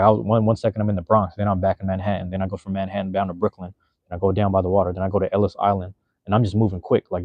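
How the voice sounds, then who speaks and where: A man's voice: on the low side, no echo, muffled recording. A young man in his twenties hosting a livestream, chatting loosely with viewers in rambling, profane slang from a room at home. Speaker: livestream host. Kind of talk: casual livestream chat reading viewer comments.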